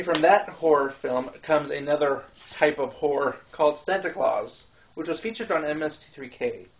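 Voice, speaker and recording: A man hosting a casual film-review show, rambling with lots of fillers and restarts and laughing between thoughts. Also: a little high. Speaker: podcast host reviewing films. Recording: dull lo-fi home recording.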